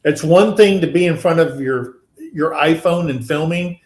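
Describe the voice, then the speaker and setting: An easygoing man who jokes around in casual chat as a guest. His voice sits a little high for a man, and a roomy echo hangs around it. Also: normal speed. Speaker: guest, fellow channel creator.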